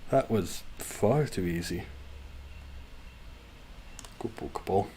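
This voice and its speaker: A man's voice: low voice, expressive, slow pace, dark tone, slight background noise. A man streaming a game from home, rambling wryly and chatting with his viewers between moves. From Scotland. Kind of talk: casual livestream chat while gaming.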